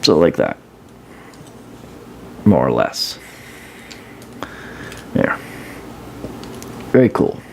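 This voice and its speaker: A man's voice: a bass voice, very animated, extremely slow, vocal fry, pauses often, a little mellow, a little hiss or hum. A man casually showing and reviewing an action figure, rambling with fillers and restarts. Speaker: toy reviewer. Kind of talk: casual hands-on product review.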